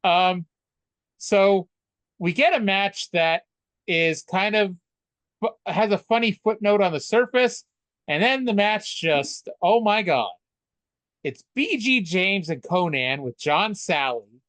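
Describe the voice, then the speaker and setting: A man co-hosting a casual wrestling podcast, chatty and loose, with frequent stammered restarts and offhand swearing. His voice sits a bit high for a man. It is recorded close and dry on a podcast mic. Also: lively intonation, slow, fairly bright tone, no room sound. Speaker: podcast co-host. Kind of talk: casual wrestling recap chat.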